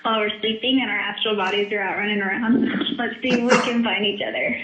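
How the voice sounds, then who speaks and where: A woman's voice: medium pitch, fairly even intonation, fairly quick, a bit bright, reverberant, a little hiss or hum. A woman chatting and giggling on a casual phone call.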